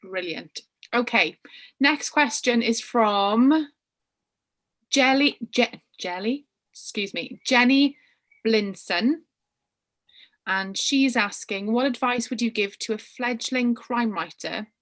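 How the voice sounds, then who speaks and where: A woman moderating an online author panel, briskly reading out audience questions and handing them to the guests. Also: on the high side, fairly bright tone. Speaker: interviewer and moderator.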